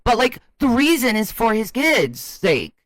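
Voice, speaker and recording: Man, casual chat co-host, excitable, conspiratorial, lively pitch, dry close sound. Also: unhurried, no echo. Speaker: podcast co-host.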